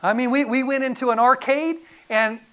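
Man, middle-aged pastor, sermon, folksy storytelling, loud bursts then hushed drops. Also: very high-pitched, steady tone, moderate pace, a little hiss or hum.

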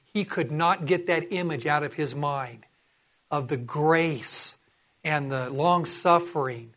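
A man's voice: a little high, a little slow, fairly bright tone. A man preaching a sermon, reading scripture and earnestly urging his listeners.

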